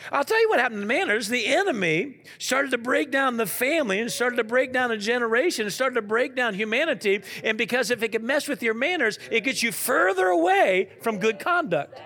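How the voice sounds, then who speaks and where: A man preaching a sermon, asking the congregation questions and swinging from loud to quiet. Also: very high-pitched, brisk, few pauses. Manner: animated preaching with call-and-response questions. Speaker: pastor.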